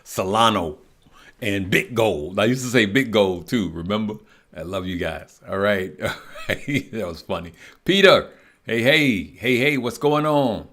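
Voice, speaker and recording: Male livestream host, lowish voice, loose and chatty, reads comments and thinks aloud. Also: measured pace, fairly bright tone. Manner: chatty, laughs often, greets viewers by name; thinks aloud, trails off while checking charts. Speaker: livestream host for stock and crypto trading. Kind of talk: casual live-stream chat reading viewer comments.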